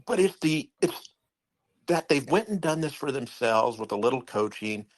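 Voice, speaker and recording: A man's voice: mid-range voice, lively intonation, normal speed. A man hosting a casual chat, explaining things in a folksy way. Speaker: host.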